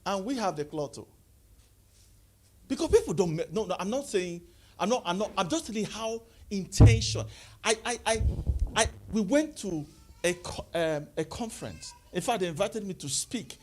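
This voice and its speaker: A man giving a lively motivational talk to a live audience, calling out questions and having the crowd answer. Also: moderate pace, slight background noise. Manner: call-and-response, rising to high exclaims. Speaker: motivational speaker.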